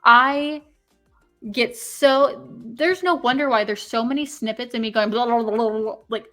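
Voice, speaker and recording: A woman's voice: on the high side, normal speed, a bit bright, soft background music. A young woman co-hosting a casual live stream, rambling and swearing as she tallies votes. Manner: rambling, swearing, tallying aloud. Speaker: podcast co-host.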